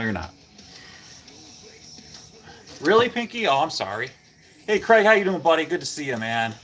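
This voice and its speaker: Man host, average pitch, rambling live-stream chatter from a cold garage, faint music underneath. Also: a bit bright. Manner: rambling, chatty, greets viewers by name. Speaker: livestream host. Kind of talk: casual live-stream chat with viewers.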